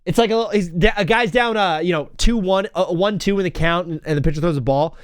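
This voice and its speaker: A man's voice: sits high, quick pace, clear, resonant tone, dry recording, studio quality. A young man hosting a casual solo talk show, rambling through stories and chanting old cheers in a sing-song. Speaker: podcast host.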